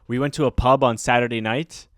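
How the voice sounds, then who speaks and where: A man's voice: mid-range voice, fairly even intonation, fairly quick, no room sound, clean studio sound. A man from Canada co-hosting a podcast, telling stories in a rambling, hesitant way full of fillers. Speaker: podcast co-host. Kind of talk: casual chat.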